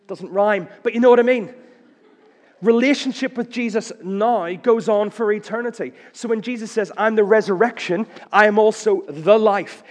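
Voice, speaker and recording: A man with a high voice preaches a sermon in a large hall, swinging between loud declarations and hushed lines and using playful rhymes and punchy questions.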